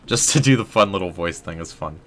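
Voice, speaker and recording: A man's voice: low-pitched, expressive, brisk, fairly bright tone. A young man casually commenting on his gameplay, chatting with viewers and joking at his own expense. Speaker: livestreamer and writer.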